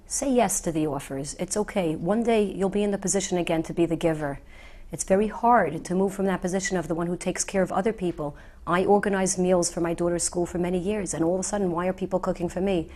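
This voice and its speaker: Middle-aged widow talking soft and earnest, kinda low voice, reassuring, says things twice. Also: female voice. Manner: soft, earnest, reassuring, repeats key phrases. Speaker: widow giving advice to the bereaved. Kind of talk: gentle heartfelt talk to the viewer.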